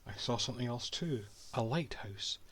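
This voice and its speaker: A man's voice: mid-range voice, lively intonation, normal speed, a bit bright, breathy edge. A Scottish man voicing a haughty male cartographer and reading his old-fashioned diary aloud from a game.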